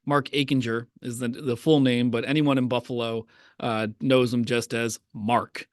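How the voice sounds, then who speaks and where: Uomo che chiacchiera con voce asciutta. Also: male voice, medium pitch, little pitch movement, moderate pace, no room sound, studio quality. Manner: rambling, hesitant with many fillers. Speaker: podcast co-host, writer. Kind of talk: casual chat.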